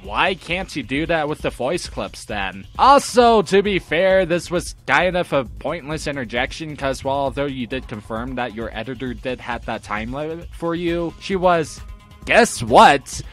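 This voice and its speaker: A man's voice: a little high, expressive, unhurried, a bit bright, faint music behind. A young man giving a reaction commentary, arguing back with exasperated rebuttals. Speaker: commentary host.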